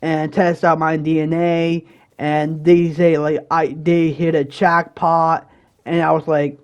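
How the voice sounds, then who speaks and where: A young man hosting his own channel, telling a personal story in a rambling, casual way, with many fillers and restarts and occasional bursts of loud exasperation. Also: on the high side, little pitch movement, slow, clean tone. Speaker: channel host.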